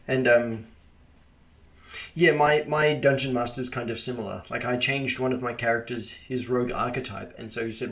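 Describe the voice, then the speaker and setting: A man hosting a relaxed podcast chat about tabletop gaming. He is friendly and often stumbles over his words, repeating them before carrying on. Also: medium pitch, normal speed. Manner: friendly, stammering restarts. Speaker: podcast host. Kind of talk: casual chat.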